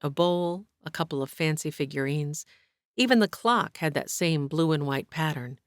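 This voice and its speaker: A woman narrating an audiobook in a steady, even storytelling manner. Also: low voice, normal speed, dry recording, studio quality. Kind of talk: scripted narration.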